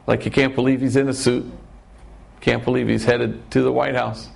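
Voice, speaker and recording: Gravelly middle-aged priest telling a story. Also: male voice, medium pitch, flat delivery, moderate pace, darkish tone. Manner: wry, anecdotal, punchy lists. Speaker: priest and speaker. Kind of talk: storytelling talk.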